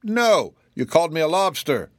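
A man voicing a stubborn little crab in a storybook, with a shrill and petulant voice. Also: animated, moderate pace, darkish tone, no echo, clean studio sound, close to an everyday voice.

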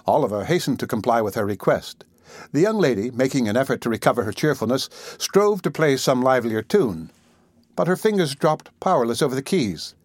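A man's voice: mid-range voice, no echo. Man reading a classic novel aloud. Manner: measured, even storytelling. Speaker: narrator.

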